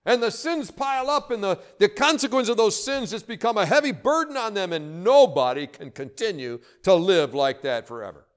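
A male preacher with a high, very animated voice. He preaches with fervor, reading scripture aloud and pleading with his listeners in rising, impassioned bursts. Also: normal speed, few pauses. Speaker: pastor. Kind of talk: sermon.

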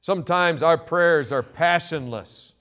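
A male pastor preaching a sermon, reading scripture and swinging between loud emphatic quotes and quiet asides. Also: on the high side, a little slow.

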